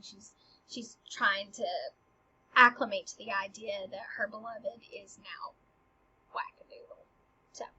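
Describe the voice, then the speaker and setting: A woman explains a play in a casual, animated way, moving between emphatic and hushed moments. Her voice is husky and a little high. The recording sounds dull and lo-fi.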